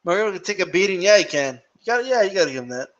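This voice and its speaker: A man's voice: high-pitched, expressive, rapid-fire, fairly bright tone. A young man chatting casually on a live boxing stream, laughing a lot, swearing freely, and slipping into Spanish when he quotes fighters. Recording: dull lo-fi stream audio.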